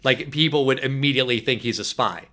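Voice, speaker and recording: A man chatting on a podcast in a bright, forward voice. He talks in an animated, wry way, full of casual fillers. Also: medium pitch, quick pace. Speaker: podcast co-host.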